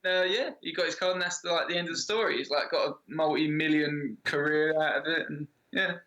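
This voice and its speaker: A man, a band member chatting casually and telling a story quickly. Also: a little high, fairly even intonation, pushed and bright, muffled recording. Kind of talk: casual chat.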